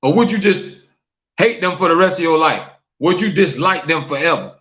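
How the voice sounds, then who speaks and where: A man's voice: a little high, expressive, moderate pace, a bit bright, dull audio. A man hosting a live-streamed talk show, repeating questions to his viewers, reading their comments aloud and preaching about forgiveness.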